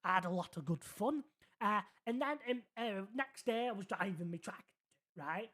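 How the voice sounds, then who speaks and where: Playing a naive young man in a city game, this streamer rambles earnestly through a long in-character tale, pausing to make sure the listener follows. The mid-range voice is expressive and fairly bright, moving at a normal pace.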